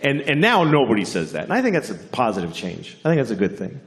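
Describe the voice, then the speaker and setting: A man doing a stand-up comedy set, telling stories in a deadpan, unhurried way and jumping into high character voices. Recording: live venue with audience laughter.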